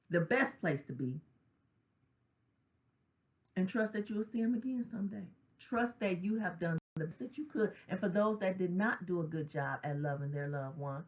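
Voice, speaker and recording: A middle-aged woman, a grief counselor, talks earnestly about her own loss in a personal spoken reflection, her voice fairly low-pitched with a darkish tone. She keeps it conversational, using casual slang and checking in often with tag questions like "right?"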